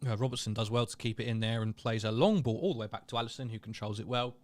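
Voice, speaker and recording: A young man with a lowish voice and quick pace hosts a live watchalong of a match. Chatty and quick to poke fun at himself, he calls the play and reads out comments from viewers.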